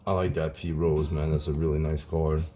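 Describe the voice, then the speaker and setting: A man in his forties casually chatting while opening card packs on his channel, relaxed and saying "man" a lot. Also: a bass voice, normal speed. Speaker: card collecting YouTuber. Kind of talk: casual pack-opening vlog.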